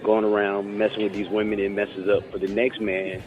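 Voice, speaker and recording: A man's voice: fairly low pitch, level tone, brisk. A man hosting a casual chat, talking things through reflectively and often repeating words as he thinks. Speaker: podcast host. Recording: muffled lo-fi audio with faint music.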